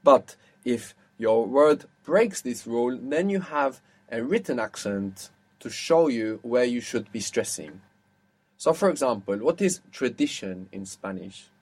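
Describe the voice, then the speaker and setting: A man's voice: mid-range voice, expressive, measured pace, darkish tone, breathy edge. A man teaching an audio language lesson, explaining patiently and quizzing his student.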